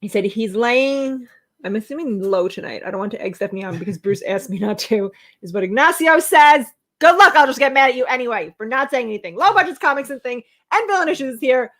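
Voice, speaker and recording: A woman's voice: fairly high pitch, animated, quick pace, a bit bright. A woman co-hosting a livestream, reading viewer comments aloud and teasing them playfully in casual chat. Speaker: livestream co-host.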